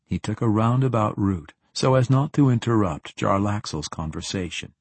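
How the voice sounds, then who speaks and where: Male audiobook narrator, steady fantasy reading, dry close sound. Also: on the low side, slightly rough, no echo. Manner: steady, measured storytelling.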